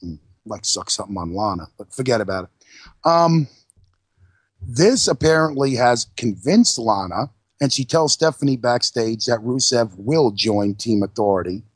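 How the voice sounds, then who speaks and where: A man's voice: medium pitch, lively intonation, moderate pace, husky, dry recording. A man in a mid-range voice runs through a wrestling recap in loose, casual chat, swearing freely as he goes. The sound is dry and close, with no room around it. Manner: loose, profane, narrating play-by-play. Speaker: podcast co-host.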